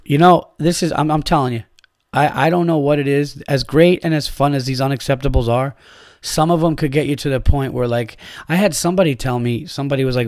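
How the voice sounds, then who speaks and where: A man's voice: mid-range voice, moderate pace, no echo, clean studio sound. Foul-mouthed man ranting into a podcast mic. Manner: angry, crude, rambling with restarts. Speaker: podcast host. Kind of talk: profane rant to listeners.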